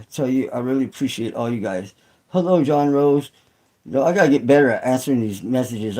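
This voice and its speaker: In poor audio, a middle-aged man with a dark, mid-range voice hosts his channel's casual livestream. He rambles, swears, and keeps restarting, with plenty of fillers as he talks to viewers.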